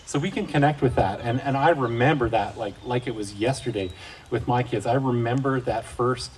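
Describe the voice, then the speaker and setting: A middle-aged man, a Christian speaker for fathers, jokes through folksy stories about family life in a casual devotional talk. His voice is medium-pitched at normal speed, and the recording comes from a distant mic with faint outdoor noise in the background.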